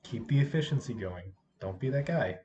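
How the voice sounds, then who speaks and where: Hoarse, lively-voiced substitute teacher vlogging. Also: medium pitch, normal speed, dull audio, a little hiss or hum. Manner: animated, acts out what others said. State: hoarse from yelling. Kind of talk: casual storytelling vlog.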